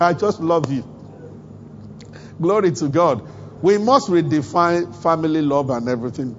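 High-voiced African pastor preaching. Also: male voice, highs cut off. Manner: humorous, chuckling often, acts out quoted dialogue. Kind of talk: sermon. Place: church service.

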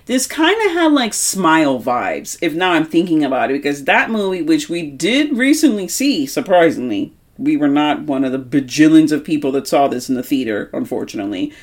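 A young woman co-hosts a horror movie podcast in a low-pitched, brisk voice with hardly any pauses. Animated and emphatic, she swears heavily throughout the casual chat.

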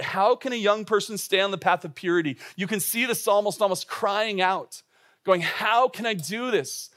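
A man with a high voice preaches a sermon to young adults, earnest and urgent. He puts direct questions to his listeners and trips into quick restarts as he pushes his points. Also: a bit bright. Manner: asks the audience direct questions. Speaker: pastor.

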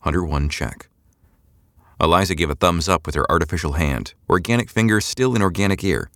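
A man narrating a science fiction audiobook in a measured, expressive storytelling style, recorded on a close studio mic. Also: low-pitched, no room sound.

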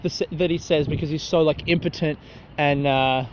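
A man's voice: on the high side, fairly even intonation, normal speed. A young man hosting a rambling solo podcast on a city street at night, talking into his phone, swearing and mocking himself. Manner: profane, self-mocking, laughs at his own jokes. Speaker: podcast host. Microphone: phone held while talking. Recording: dull phone recording with street noise. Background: faint traffic and passers-by.

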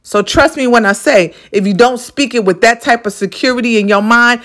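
A woman's voice: on the high side, brisk, hardly any pauses, a bit bright. A woman hosting a podcast, giving a motivational monologue in an emphatic, repetitive, profane, preacherly way. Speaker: podcast host.

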